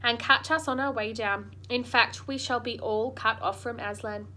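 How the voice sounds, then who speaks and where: A worried, earnest male beaver from a storybook, as a woman reads him aloud. He speaks urgently, in a bright, fairly high voice. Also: fairly even intonation, moderate pace. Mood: grave. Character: grave, worried male beaver, father figure.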